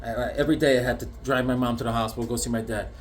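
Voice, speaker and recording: A man's voice: mid-range voice, fairly even intonation, racing, slight background noise. A man showing off his comic collection in a casual vlog, rambling through stories and landing joke punchlines. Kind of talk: casual show-and-tell with jokes.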